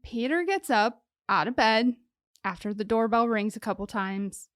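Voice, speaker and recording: Here is a woman co-host with a fairly high voice, talking loose and chatty and full of fillers and little jokes. The sound is dry and close, with no room around it. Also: moderate pace, dry recording. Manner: joking, chatty, lots of "like" fillers. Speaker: podcast co-host telling the case. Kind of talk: casual true-crime chat.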